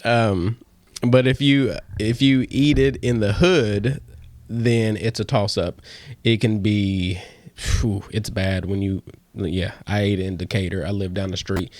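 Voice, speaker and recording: A man's voice: on the low side, fairly even intonation, slow pace, a little mellow, dry recording. A man hosting a casual solo podcast, talking playfully and slipping into a radio DJ countdown voice. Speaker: podcast host.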